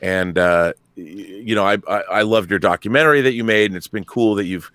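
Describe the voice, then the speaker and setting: A man, a filmmaker guest on a livestream panel, talking in an effusive, thankful way with halting restarts. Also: on the low side, a bit bright, dry recording. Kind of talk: casual panel chat on a livestream.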